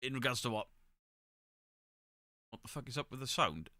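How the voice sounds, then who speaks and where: Bright-voiced chatty man streaming live. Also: medium pitch, animated, normal speed, no echo, clean studio sound. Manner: chatty, opinionated, swears freely. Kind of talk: casual live chat reading comments. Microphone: desk microphone, pulled close.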